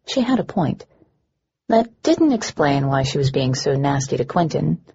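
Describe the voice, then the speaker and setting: A woman reads a first-person audiobook in a dry, wry way, her voice very husky and breathy. Her pitch sits low but moves in lively swings. The recording is dull and lo-fi. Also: moderate pace. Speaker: audiobook narrator.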